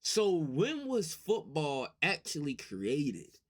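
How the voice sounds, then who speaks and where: A young man from the United States hosting a casual reaction video, excitable and slangy, often cutting in with loud outbursts. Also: fairly high pitch, slow. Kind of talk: casual live reaction chat.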